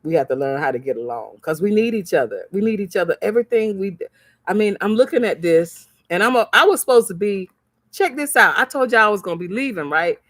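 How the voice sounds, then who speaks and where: Fast-talking and a bit bright, this woman has a mid-range voice with lively intonation, recorded cleanly in a studio with no echo. She is a crafts seller and vlogger speaking to viewers in a motivational livestream, animatedly telling stories, acting out voices, and repeating phrases preacher-style.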